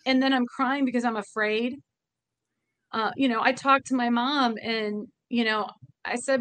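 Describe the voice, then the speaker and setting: A woman's voice: on the high side, fairly even intonation, unhurried, a bit bright. A woman who owns a bar, speaking earnestly and from the heart in an interview, often restarting her sentences. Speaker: bar owner. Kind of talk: emotional interview talk.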